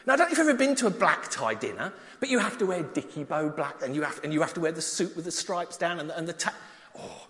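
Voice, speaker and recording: A man preaching, telling a story with props and then reading a psalm, animated and at times dropping soft. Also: a little high, quick pace. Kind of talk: children's talk and Bible reading. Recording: long hall reverb.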